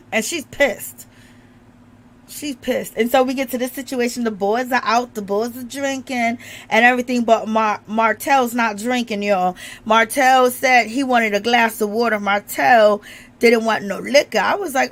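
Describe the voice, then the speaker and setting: A woman's voice: fairly high pitch, measured pace, fairly bright tone. A woman chatting casually to her viewers about a reality show, laughing often and talking with a strained voice as she recovers from illness. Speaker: reality TV recap vlogger.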